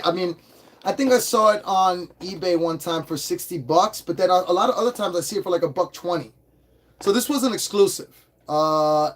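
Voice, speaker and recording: Hyper, swearing man reviewing toys. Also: sits high. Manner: hyper, excitable, swears freely. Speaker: toy reviewer. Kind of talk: casual livestream toy review.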